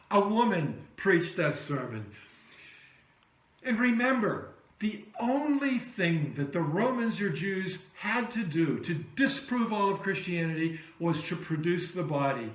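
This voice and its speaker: Male pastor, slow high-pitched storytelling sermon, echoey sanctuary. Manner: storytelling preacher, dramatic drops to soft voice for quoted words. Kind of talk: Easter sermon.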